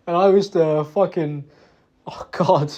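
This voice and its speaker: Young man, high voice, halting, emotional, close to tears. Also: fairly even intonation, warm tone. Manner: halting, emotional, self-blaming, many restarts. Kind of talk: recorded personal apology. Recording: dull lo-fi recording.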